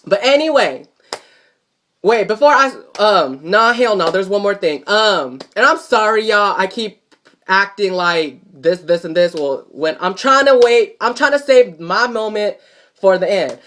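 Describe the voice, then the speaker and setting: A man recapping a soap opera episode in casual chat, animated and profane, talking straight to his viewers. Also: high voice, a little slow.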